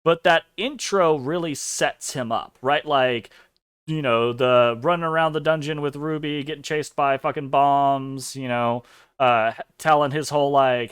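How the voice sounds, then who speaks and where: Swearing, animated let's play host. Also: mid-range voice, normal speed, clear, resonant tone, faint music behind. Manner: rambling, swears freely, laughs. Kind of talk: casual game commentary.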